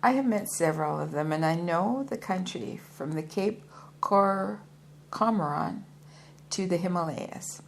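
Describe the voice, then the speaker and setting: A woman's voice: lowish voice, a little slow, vocal fry, a little hiss or hum. A woman voicing a proud, hefty male yogi and former soldier who speaks formally and politely, calling his listener sir. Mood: earnest.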